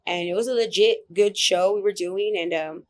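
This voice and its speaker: A woman comedian telling a story in a casual interview, blunt and profane, animated as she talks. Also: mid-range voice, moderate pace. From Oak Cliff, Dallas area, Texas. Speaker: comedian guest.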